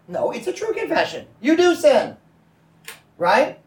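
Brief: male pastor, high voice, conversational Bible teaching, echoey room mic at a distance. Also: sing-song, a little slow. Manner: conversational, checks in with the audience.

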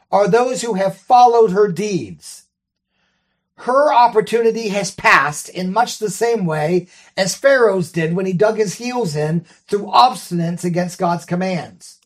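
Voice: medium pitch, animated, measured pace. A Bible study teacher reading scripture and carefully walking through its grammar, often checking in with the listeners. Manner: careful, explains grammar step by step.

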